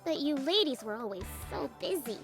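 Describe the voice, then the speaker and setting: A woman's voice: high-pitched, sing-song. A woman voicing a smug, scheming woman executive who talks down to her staff, over game music. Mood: evasive. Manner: slow, honeyed, condescending. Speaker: company chief executive. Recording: game audio with clear music.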